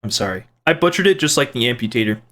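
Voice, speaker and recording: A man's voice: medium pitch, animated, quick pace, fairly bright tone. A man hosting his own channel, reading viewer comments aloud and answering them in a playful, rambling way. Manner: rambling and playful, with restarts and side jokes. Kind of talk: casual chat.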